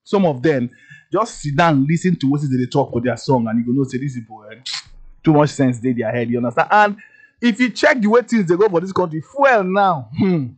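Nigerian guy on the radio, kinda high voice, chatty and jokey, studio mic. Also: lively intonation, a little fast. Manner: chatty, jokey, asks "you understand?" often. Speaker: radio host. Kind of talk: casual radio chat in Pidgin English.

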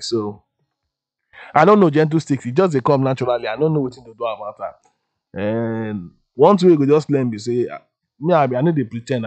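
A man with a Nigerian Pidgin English accent, hosting a radio show in a relaxed, chatty way. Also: medium pitch. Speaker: radio host. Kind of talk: casual radio chat. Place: radio studio.

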